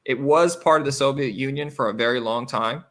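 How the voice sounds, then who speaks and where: American man, 30s, interview guest; bright, forceful voice, rambling storyteller. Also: mid-range voice, brisk. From United States. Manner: animated, rambling anecdotes with many fillers. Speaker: interview guest, professional basketball player. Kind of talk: casual storytelling.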